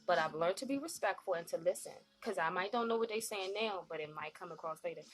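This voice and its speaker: A woman hosting a live-stream talk show, animated and slangy, often acting out what other people said. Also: on the low side, fast talker. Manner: animated, slangy, acts out quoted voices.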